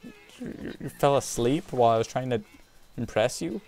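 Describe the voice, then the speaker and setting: A man hosting a let's play, giving casual gameplay commentary and excitably trash-talking the creatures on screen. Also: mid-range voice, moderate pace, faint music behind.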